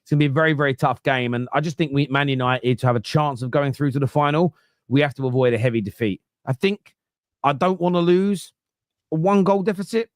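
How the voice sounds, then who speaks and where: A man's voice: on the high side, fairly quick, no room sound, studio quality. A man hosting a casual football podcast, talking bluntly and opinionatedly and swearing freely. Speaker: podcast host.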